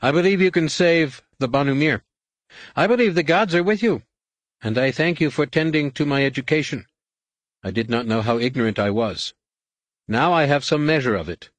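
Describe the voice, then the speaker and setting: A man's voice: fairly high pitch, expressive, normal speed, no echo, voice pushed up, natural voice. A man voicing an earnest, humble young male alien novice with a formal, devoted way of speaking in an audiobook.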